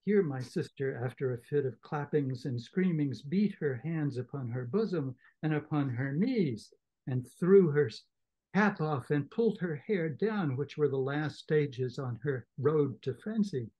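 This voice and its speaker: A man's voice: fairly high pitch, lively intonation, unhurried, mellow, breathy edge. A man in a book club discussion, reading a novel aloud with enthusiasm and expression.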